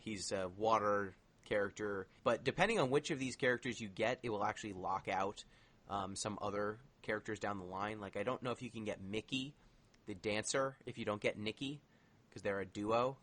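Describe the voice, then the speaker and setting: A man's voice: fairly low pitch, moderate pace, a bit bright. A man co-hosting a casual podcast chat, explaining things at length with lots of filler words. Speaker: podcast co-host.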